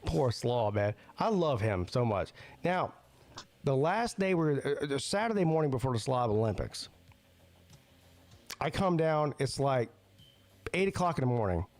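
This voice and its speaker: A man's voice: medium pitch, big pitch swings, moderate pace, long pauses, a little mellow. A man hosting a podcast, telling a story in a rambling, profane way and stumbling over repeated words. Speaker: podcast host. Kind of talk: casual chat, storytelling.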